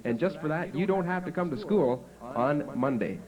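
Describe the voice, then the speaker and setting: A man voicing a prim, easily impressed female schoolteacher who gives slow, gushing praise. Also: a little high, animated, voice pushed up, lightly acted, poor audio. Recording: home video with festival crowd.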